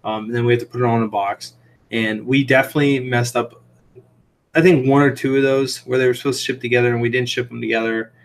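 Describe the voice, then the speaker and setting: A man of middling pitch hosts a relaxed livestream from a home room with fish tanks behind him. He talks in a loose, rambling way, with plenty of "like" and "um" as he tells stories to his viewers. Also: fast. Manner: rambling, full of "like" and "um" fillers; chatty, tells anecdotes. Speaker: livestream host and aquarium shrimp seller. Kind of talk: casual livestream chat.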